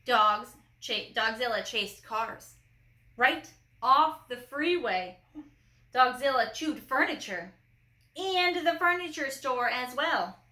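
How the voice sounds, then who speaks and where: A woman reading a children's picture book aloud, lively with playful asides. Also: high voice, slow. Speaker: storyteller. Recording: echoey room.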